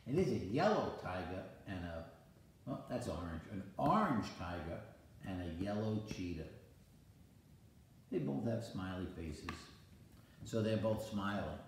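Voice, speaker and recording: Playful older grandpa with a creaky voice. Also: male voice, a little slow, pauses often, very echoey, a little hiss or hum. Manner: playful, animated storytelling with sudden high exclamations. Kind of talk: reading a picture book aloud.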